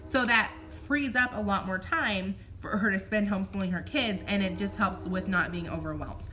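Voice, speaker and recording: A woman's voice: mid-range voice, moderate pace, over music. A woman, chatting casually as she teaches her sales follow-up method, upbeat and full of fillers. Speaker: network marketing coach. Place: recorded at home for a replay.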